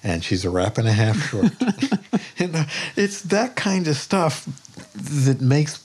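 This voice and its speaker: An older man, a painter, talking in a podcast interview as a plainspoken, lively storyteller who swears freely. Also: fairly high pitch, normal speed. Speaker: painter guest.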